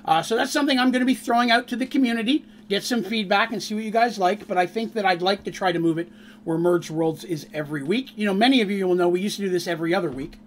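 High-voiced, upbeat streaming game master. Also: male voice, quick pace, slight background noise. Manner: upbeat, chatty, teasing laughs. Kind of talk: casual stream chat.

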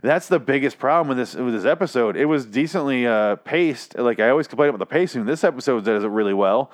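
A man's voice: medium pitch, expressive, fast talker. A young man hosting a podcast, ranting in a profane, exasperated way while reviewing a TV episode, tired and achy after some whiskey. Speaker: podcast host.

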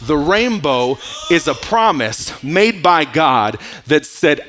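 Pastor, male, animated sermon delivery, bright lively voice, shifts from shouting to near-whispers. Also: on the high side, slow pace, hardly any pauses.

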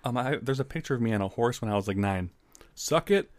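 A young man co-hosting a podcast in casual banter, blunt and deadpan, with crude jokes. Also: medium pitch, fast talker, no echo. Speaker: podcast co-host.

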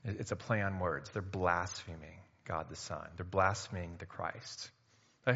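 A man preaching a sermon in a conversational way, breaking into loud emphatic bursts. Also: sits low, steady tone, measured pace, creaky, breathy edge. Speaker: pastor. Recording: muffled sound in a reverberant hall.

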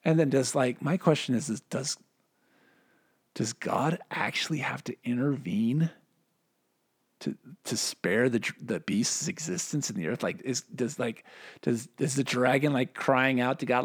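A man's voice: mid-range voice, unhurried, breathy edge. A man giving a casual Bible teaching in a rambling, joking way, correcting himself often and asking rhetorical questions.

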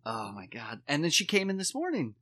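Relaxed dad telling family stories. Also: male voice, fairly high pitch, brisk. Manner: relaxed storyteller, swears casually, quotes his kids. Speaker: podcast co-host, father. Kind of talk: casual chat.

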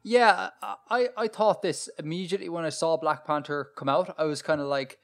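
A man with a somewhat high voice co-hosts a podcast. He keeps the conversation going in an easy, chatty way, reacting to his partner and asking follow-up questions. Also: fairly even intonation, brisk, creaky. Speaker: podcast co-host. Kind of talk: casual chat.

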